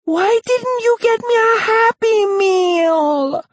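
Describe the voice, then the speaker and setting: A man voicing a loud, whiny six-year-old girl in an audiobook. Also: lively intonation, takes it slowly, no echo, full character voice. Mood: whiny demanding. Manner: shrill, whiny and demanding. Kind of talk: audiobook character voice.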